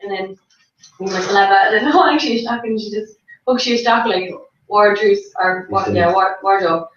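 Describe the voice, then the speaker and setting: A young woman telling a story to friends, animated, quoting others and laughing. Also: medium pitch, moderate pace. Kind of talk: casual storytelling among friends. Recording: echoey, distant, dull lo-fi.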